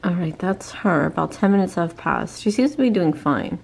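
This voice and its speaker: A woman's voice: lowish voice, expressive, normal speed, vocal fry, a little hiss or hum. A young woman filming a casual family vlog on a handheld camera, talking bluntly and exclaiming often. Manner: exclamatory and blunt, swears freely. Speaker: family vlogger.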